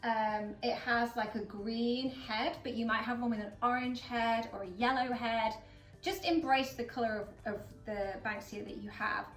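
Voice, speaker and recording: A woman's voice: a little high, steady tone, moderate pace, a bit bright. A woman from England, hosting a casual flower-arranging demonstration in a chatty, upbeat way with plenty of fillers. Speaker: florist host. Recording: roomy echo, mic at a distance, faint background music.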